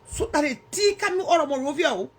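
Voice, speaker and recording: She talks fast with lively intonation, her voice sitting high. On her casual livestream, this woman with a Liberian English accent chats, teases her audience and responds to their comments.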